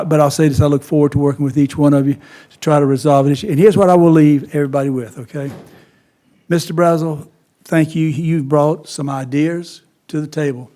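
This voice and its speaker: A man, a county council member speaking in a halting, conciliatory way at a meeting. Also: a little high, steady tone, dark tone.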